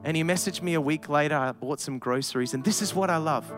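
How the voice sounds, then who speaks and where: A man with a notably high voice delivers an animated sermon, weaving a personal story into his preaching. He climbs into loud, emphatic passages as he addresses the congregation. Soft music plays faintly beneath him. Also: quick pace.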